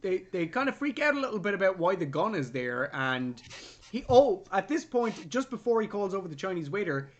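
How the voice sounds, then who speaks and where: A young adult man co-hosting a movie review podcast, casually and animatedly retelling scenes and jumping into loud voices for the characters. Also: sits high, sing-song, fairly quick, highs cut off. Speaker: podcast co-host.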